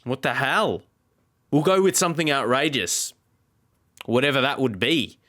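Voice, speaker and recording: A man's voice: medium pitch, expressive, moderate pace, bright, forceful tone. Exasperated man commenting gameplay. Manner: exasperated, talks to the game. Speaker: gaming YouTuber. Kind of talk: let's play commentary.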